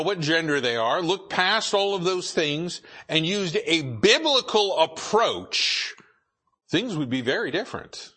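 A man preaching a sermon as pastor, halting with many repeated words and filler sounds. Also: on the high side, bright, forceful tone, husky.

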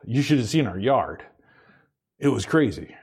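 A man's voice: medium pitch, lively intonation, a little slow, darkish tone, husky. A man preaching a sermon in a conversational way, stumbling over repeated words as he builds his points. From Pacific Northwest. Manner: conversational, repeats words when starting sentences, laughs between points. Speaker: pastor.

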